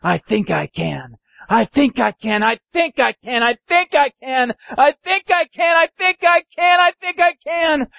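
A man voicing a small, kind and brave female train engine, in a raised gentle voice. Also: very high-pitched, lively intonation, unhurried, creaky, no echo, pitched above the performer's own voice, heavily acted. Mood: straining. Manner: raised voice, gentle, chanting and straining. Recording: dull lo-fi recording.

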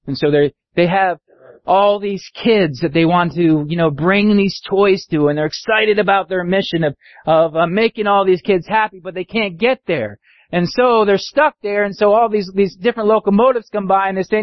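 A man's voice: sits high, normal speed, no echo. A man preaching a sermon in a conversational way, asking the congregation questions. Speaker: pastor. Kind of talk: sermon with storybook reading. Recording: dull lo-fi recording.

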